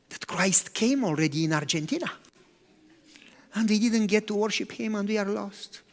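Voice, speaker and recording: A man preaching a sermon as pastor, animated, swinging from loud to hushed. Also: sits high, normal speed. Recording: long hall reverb.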